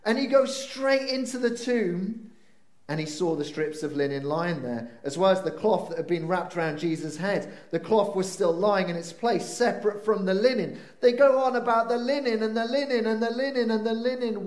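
Animated male preacher in a roomy hall. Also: high voice, normal speed. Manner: animated, swings between excited and hushed. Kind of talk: sermon. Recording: roomy echo.

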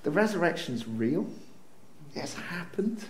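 A man preaching a lively sermon, swinging between excited bursts and hushed, slowed moments. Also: fairly high pitch, slight background noise. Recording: roomy echo.

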